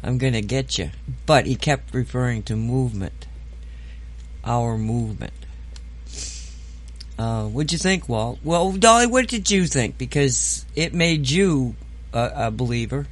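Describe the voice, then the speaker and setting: A man's voice: mid-range voice, expressive, a little slow. Chatty man hosting a video call. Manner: chatty, laughs easily, stammers a little. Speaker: host. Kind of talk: casual chat.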